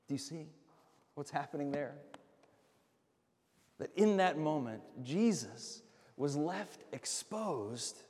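A male pastor preaching an earnest sermon, swinging between loud emphatic lines and hushed, slow drops. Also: medium pitch, expressive, in a large hall.

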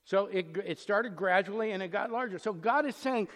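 Male pastor with a high voice giving an emphatic sermon, acting out the voices in the text; big echoing hall sound. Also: normal speed, few pauses, a bit bright. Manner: emphatic, rhetorical questions, acts out the voices in the text. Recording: long reverb in a large hall.

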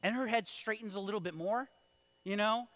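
Male pastor, 30s, fairly high voice, sermon storytelling, drops to a hush and then builds loud. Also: moderate pace, dry recording. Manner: storytelling with wide swings in loudness, from hushed to shouted.

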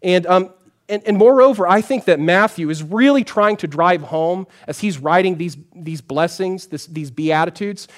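A man, a pastor, preaching a sermon in a conversational storytelling way, often dropping to a soft, low voice for emphasis. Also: moderate pace.

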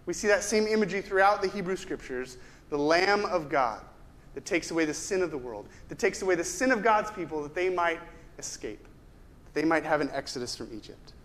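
A man with a notably high-pitched voice delivers a sermon. He speaks conversationally, often posing rhetorical questions to the congregation and doubling back on a word now and then. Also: expressive, brisk, fairly bright tone. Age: adult with a ten-year-old son. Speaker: pastor.

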